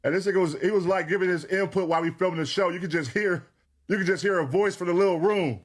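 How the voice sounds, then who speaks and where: A man's voice: high voice, fast. A man in a clip, bantering casually and mocking someone in slangy, profane talk.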